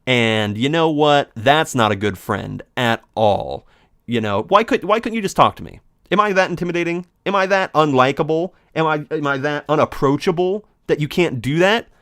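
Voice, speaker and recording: Male let's play host, theatrical rambler, very animated delivery. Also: a little high, moderate pace, no room sound, studio quality. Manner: theatrical, rambling, mock-dramatic.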